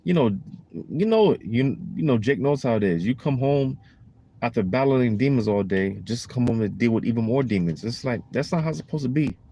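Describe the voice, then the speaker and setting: A man's voice: mid-range voice, lively intonation, a little fast, dark tone, slight background noise. A man giving a casual preaching monologue in a rambling, emphatic, slangy way, full of "you know" and "man.".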